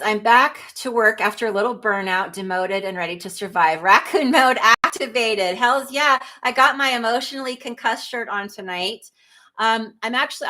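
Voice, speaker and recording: A woman's voice: medium pitch, bright, forceful tone. A middle-aged woman hosting a casual livestream, reading viewer comments aloud in a chatty, self-deprecating way and laughing often. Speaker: livestream host.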